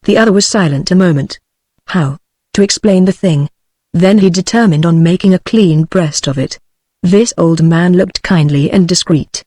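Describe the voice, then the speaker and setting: A woman's voice: on the low side, no room sound. Synthetic British woman reading a novel. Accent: British English. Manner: even, measured synthetic reading. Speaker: audiobook narrator. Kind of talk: text-to-speech book reading.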